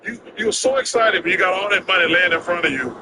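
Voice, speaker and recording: Older man telling animated anecdotes. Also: high-pitched, background noise. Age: 60s. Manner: animated, drawling anecdotes with quick laughs. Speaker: interview guest. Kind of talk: casual storytelling chat.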